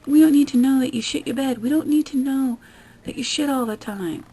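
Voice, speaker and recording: Blunt, sweary woman vlogger with a slightly high, gravelly voice. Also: brisk, warm tone, poor audio. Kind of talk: ranting commentary vlog.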